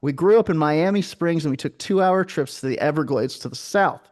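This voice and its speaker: A man's voice: a little high, brisk, darkish tone. A man hosting a comedy podcast, reading sighting reports aloud and riffing with jokey asides. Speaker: podcast host.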